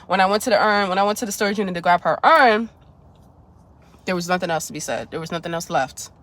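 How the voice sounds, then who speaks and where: A woman's voice: lowish voice, fast, a bit bright. Candid young woman telling a storytime. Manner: candid, emotional, swears freely, talks straight to viewers. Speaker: vlogger. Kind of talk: casual storytime.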